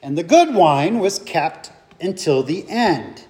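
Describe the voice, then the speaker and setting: Man, Bible study leader, unhurried, reflective, asks the group questions. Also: fairly high pitch, very animated, a little mellow. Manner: slow, reflective, thinking aloud with fillers and rhetorical questions.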